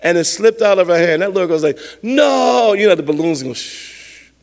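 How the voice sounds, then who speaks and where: A man preaching a sermon with a high voice for a man. He speaks emphatically but conversationally, circling back and repeating words. His voice rings out with a long reverb, as in a large hall. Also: racing. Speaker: pastor.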